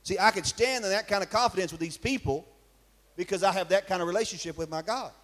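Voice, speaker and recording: A male preacher, speaking in a voice pitched high for a man. He preaches emphatically in church and keeps asking his congregation questions. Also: fast, fairly bright tone. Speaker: pastor. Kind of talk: sermon.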